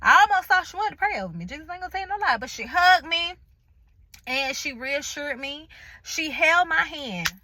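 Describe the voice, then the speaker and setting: A woman's voice: sits high, expressive, normal speed, sharp tone, a little hiss or hum, poor audio. A woman vlogger in casual personal storytelling, emphatic and chatty, acting out the conversations she retells and speaking straight to her viewers. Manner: colloquial, chatty, addresses viewers directly. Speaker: vlogger sharing a health update.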